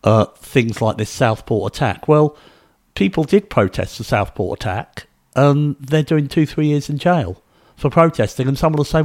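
A man's voice: medium pitch, normal speed, darkish tone. A man from the UK hosting a solo podcast, talking conversationally and pressing points with emphasis. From United Kingdom. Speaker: podcast host.

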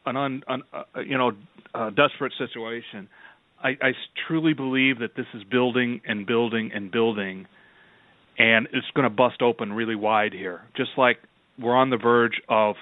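A man hosts a radio talk show and speaks emphatically, often with indignation. His voice sits at an ordinary pitch for a man. The sound is dry and narrow, like a phone line. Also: no room sound. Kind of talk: radio interview. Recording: tinny phone-like audio.

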